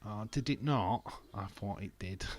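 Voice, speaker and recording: A man's voice: fairly low pitch, slow, a little mellow. Rambling man with a stuffy nose. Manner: self-deprecating, rambling, laughs often. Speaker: wrestling streamer. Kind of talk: casual live-stream chat.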